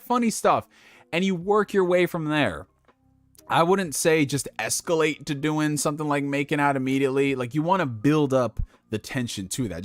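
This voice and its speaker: A man's voice: mid-range voice, dry recording. A young man hosting a casual livestream, giving dating advice in a loose, profane way and laughing at his own slips. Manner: talks directly to viewers with slang.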